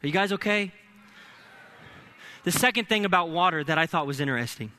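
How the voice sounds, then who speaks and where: A young adult man preaching a sermon as pastor, lively and humorous, building at times to shouting. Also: fairly high pitch, brisk. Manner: energetic preaching with humorous asides.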